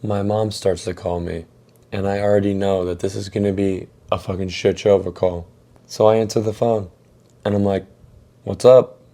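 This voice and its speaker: A man's voice: deep voice, little pitch movement, moderate pace, warm tone. Laid-back young man telling a story. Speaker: storytime YouTuber. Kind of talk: casual storytime vlog.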